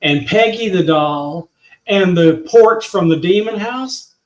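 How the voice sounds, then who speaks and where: A man hosting a paranormal talk show, chatting casually and exclaiming excitedly as he watches footage. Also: high-pitched, slow pace, echoey room. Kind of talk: casual chat reacting to video.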